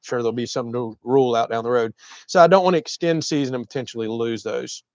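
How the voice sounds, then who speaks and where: A man's voice: mid-range voice, fast talker, no room sound. A man with a Southern US accent from Florida, casually chatting on a livestream as host and reading viewer comments. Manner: chatty, drawling, laughs often.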